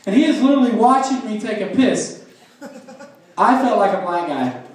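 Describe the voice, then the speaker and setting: A man's voice: high-pitched, very animated, normal speed. A man doing a stand-up comedy set, telling crude stories and teasing the crowd. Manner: crude storytelling with crowd work. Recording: echoey club from far off.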